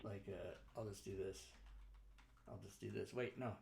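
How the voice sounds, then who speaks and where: A man hosting a live-streamed talk show, walking through software in a chatty, rambling way and often correcting himself. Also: fairly low pitch, steady tone, normal speed, gravelly, a little hiss or hum.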